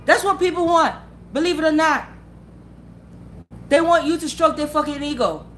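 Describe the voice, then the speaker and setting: A woman's voice: high voice, normal speed, a bit bright, a little hiss or hum. Blunt, profane woman ranting with emphasis. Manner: blunt, profane, emphatic, repeats her points; asks the listener for agreement again and again. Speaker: motivational vlogger. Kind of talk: unscripted motivational rant.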